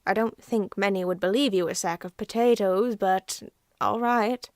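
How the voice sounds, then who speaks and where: A woman voicing a smooth, teasing male stranger in an audiobook. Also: medium pitch, steady tone, moderate pace, a little mellow, dry recording, clean studio sound, close to an everyday voice. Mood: drawling.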